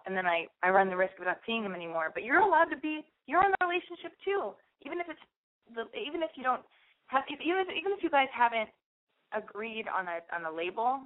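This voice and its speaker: Over phone-like radio audio, a high-pitched woman speaks fast with big swings in pitch. As host of an advice show, she gives a caller blunt, frank guidance and acts out example lines.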